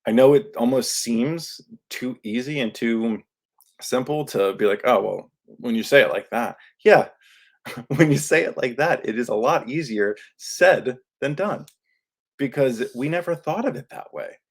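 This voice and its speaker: A man's voice: medium pitch, animated, measured pace. A man hosting a podcast, talking earnestly in a casual, coaching way into a microphone, with many fillers. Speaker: podcast host. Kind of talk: solo podcast talk. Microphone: studio microphone.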